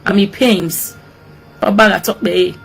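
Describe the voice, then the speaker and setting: A woman's voice: mid-range voice, fairly even intonation, measured pace, creaky, soft background music. A woman from Edo State with a Nigerian accent, making an emotional, pleading appeal for peace and repeating her words often.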